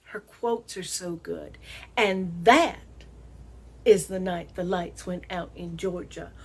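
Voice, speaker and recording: Speaking in a lowish voice with a breathy edge, this middle-aged Southern American woman hosts her vlog as a casual monologue to camera. She's chatty, laughs a lot and stretches words out for emphasis.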